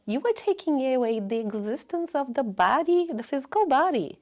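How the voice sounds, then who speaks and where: A woman giving a spiritual lecture in earnest, non-native English, often dropping to a hush. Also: sits high, sing-song, moderate pace.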